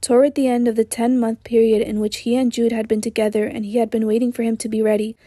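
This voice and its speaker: A hoarse woman narrating an audiobook in a measured, even literary reading. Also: a little high, no room sound, studio quality.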